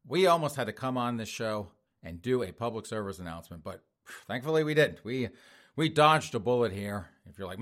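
A man's voice: mid-range voice, animated, fairly quick, a bit bright. A middle-aged man hosting a talk show, reading news items and mocking them in a sarcastic commentary style. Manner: mocking, sarcastic, laughs at own jokes. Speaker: podcast host.

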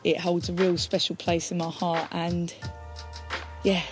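A woman's voice: on the low side, little pitch movement, unhurried. Chatty Essex woman, slightly out of breath. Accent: Essex English. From Essex, England. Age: 30s. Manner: chatty, reflective, self-deprecating. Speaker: spoken word poet. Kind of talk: casual spoken explanation of her poem. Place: outdoors on a grassy hill. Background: background music.

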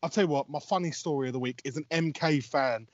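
A man's voice: a little high, fast talker, no echo. A man who works as a football radio commentator. He tells a story in casual podcast chat, rambling, laughing and swearing, with many restarts, and he has a cold. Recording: dull lo-fi audio.

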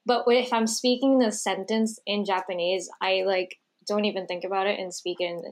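A woman co-hosting a podcast, explaining her point slowly and thoughtfully in casual chat. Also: medium pitch, steady tone. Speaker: podcast co-host.

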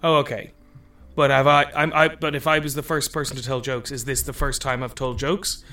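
A man's voice: medium pitch, flat delivery, brisk, sharp tone, recorded from a distance, soft background music, lightly acted. A man playing a flustered caveman comic. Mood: bewildered. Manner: flustered, pleading, rising to outbursts. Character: clueless caveman stand-up comic, the first human.

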